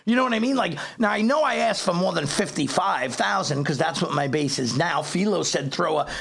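A man tells his story on a podcast, animated and emphatic, and acts out the dialogue as he goes. His voice sits high and sounds husky and gravelly throughout. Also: a little fast. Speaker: company chief executive, podcast guest.

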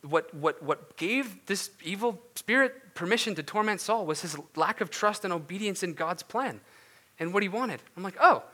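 A man preaching a conversational sermon, animated and informal, with frequent restarts and asides. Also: high-pitched, normal speed. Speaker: pastor.

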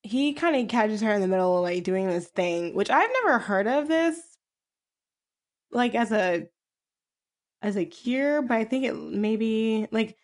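A woman casually recapping a film, rambling with filler words and quick asides. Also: on the high side, animated. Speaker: co-host retelling a film. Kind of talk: casual chat.

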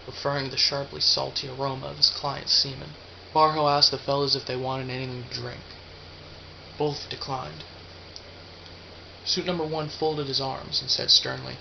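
A man narrating a story aloud in a steady, even reading. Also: mid-range voice, normal speed, gravelly. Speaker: audiobook reader. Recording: dull lo-fi with faint hiss.

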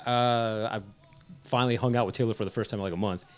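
Fast-talking man in casual chat. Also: fairly low pitch, fairly even intonation, clear, resonant tone. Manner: rambling storytelling with frequent "like" and quoted asides. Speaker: podcast co-host.

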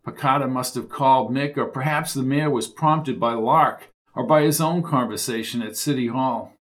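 A man reads a crime thriller aloud, keeping the action moving at a steady pace. His voice sits in a middle register, and his storytelling is plain and driving. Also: mid-range voice, moderate pace. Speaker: audiobook narrator. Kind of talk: scripted thriller narration.

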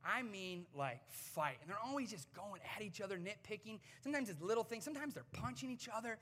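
A man in his thirties preaching to a congregation from a stage microphone, talking in a conversational, animated way with touches of humor. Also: sits high, fairly quick. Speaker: pastor. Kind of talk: sermon. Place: church sanctuary before a congregation. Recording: reverberant church hall.

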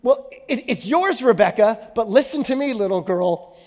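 A man's voice: a little high, lively intonation, brisk, big-room sound, close to an everyday voice. A man doing an exasperated, lecturing dad. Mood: stern. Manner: stern, lecturing. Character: exasperated father lecturing his daughter.

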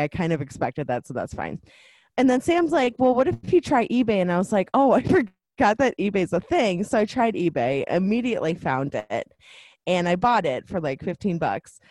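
A woman's voice: fairly low pitch, a little mellow, dry recording. A woman co-hosting a podcast in casual chat, laughing often and restarting her sentences as she tells a story. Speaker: podcast co-host.

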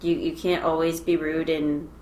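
A woman co-hosting a podcast in casual chat, animated and giggly, breaking into rants. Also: sits low, normal speed, reverberant, a little hiss or hum. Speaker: podcast co-host.

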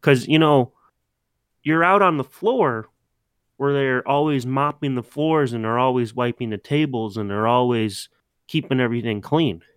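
A young man co-hosting a casual podcast, telling animated, swear-filled stories in a relaxed chat. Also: medium pitch, normal speed, clear, resonant tone, dry recording. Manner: animated storytelling, swears, mimics himself. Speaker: podcast co-host.

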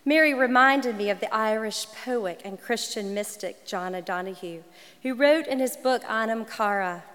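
A woman in her forties, a minister and writer, telling a personal story in a gentle, measured, reflective way. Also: on the high side. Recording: long hall reverb.

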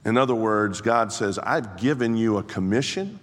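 A male preacher telling a story in a sermon, slow and building to impassioned peaks. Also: lowish voice, lively intonation. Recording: long hall reverb.

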